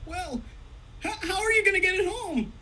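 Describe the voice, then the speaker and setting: A performer voicing a nervous, flustered young male student in a comedy table read, with a squeaky stammering cartoon-teen delivery. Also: expressive, normal speed, pushed and bright, heavily acted.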